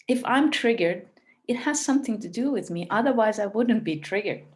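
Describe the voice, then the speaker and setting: A woman giving a calm, reflective spiritual talk as a teacher. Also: a little high, normal speed.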